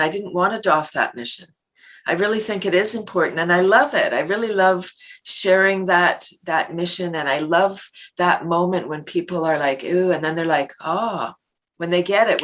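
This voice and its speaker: A woman's voice: on the low side, fairly bright tone. A middle-aged woman guest on a podcast, talking casually and animatedly, laughing often and acting out little everyday scenes. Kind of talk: casual interview talk.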